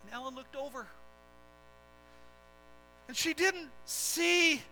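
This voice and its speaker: A man's voice: very high-pitched, slow pace, sharp tone, soft background music, rough recording. A man preaching a dramatic sermon story, telling it with impassioned, swelling emphasis.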